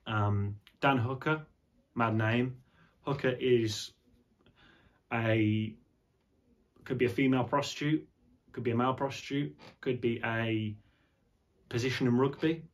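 A man vlogging casually to camera in a home studio, rambling and sweary, with plenty of fillers. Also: fairly low pitch. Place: indoor home studio, seated on a squeaky chair.

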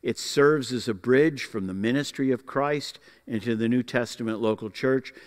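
A man teaching a Bible class in a folksy, explanatory way, pausing often to find his words. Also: medium pitch, in a large hall. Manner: folksy, explanatory, with frequent uh fillers.

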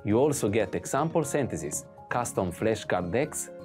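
An announcer reads a scripted outro for a lesson series, addressing viewers directly and in a friendly way. The voice sits at a middle pitch, with soft music playing faintly underneath. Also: expressive, normal speed.

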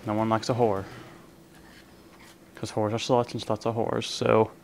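A man's voice: fairly low pitch, completely flat delivery, a little slow, gravelly, a little hiss or hum. Joking young man narrating live gameplay. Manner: casual, joking banter at other players. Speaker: gaming channel host. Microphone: desk microphone, leaning in to be heard.

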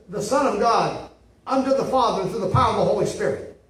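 Here the pastor's voice is high-pitched and brisk as he delivers his sermon with emphasis and repetition, frequently asking "see?". Captured in a reverberant room from a distant microphone.

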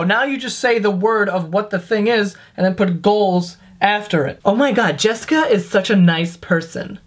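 A man's voice: sits high, a bit bright. Profane, sarcastic young man ranting. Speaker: comedy vlogger. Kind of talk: comedic rant to camera.

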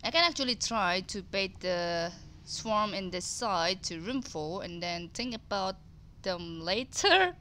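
A woman's voice: medium pitch, animated, a little slow, sharp tone, slight background noise, rough recording. A woman giving thinking-aloud commentary on her game run, nervous and hesitant, muttering her plans to herself. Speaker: gameplay commentator.

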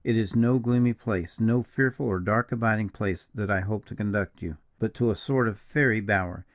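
A man's voice: on the low side, moderate pace, lightly acted. A man voicing a kindly, courtly veteran frontier scout in an audiobook, speaking in an earnest, old-fashioned way. The recording is dull and lo-fi. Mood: warm, courtly.

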